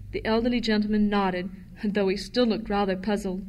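A woman reading a children's storybook aloud with gentle, expressive narration. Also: medium pitch, normal speed. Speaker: audiobook narrator.

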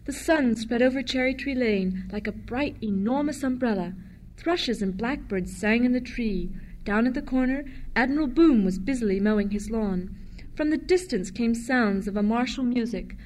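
A woman reading a storybook aloud for children. She tells it gently and expressively, in a fairly high voice. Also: moderate pace, slight background noise.

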